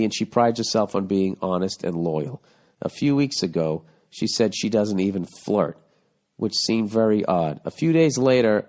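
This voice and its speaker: A man's voice: on the low side, a little mellow. A man in his forties from the United States, hosting a comedic podcast, ranting bluntly and profanely about a listener's letter. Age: 40s. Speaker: podcast host.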